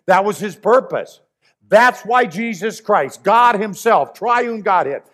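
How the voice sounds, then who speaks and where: A man's voice: sits high, unhurried, fairly bright tone. A man preaching a sermon in an earnest, emphatic way, repeating his key phrases.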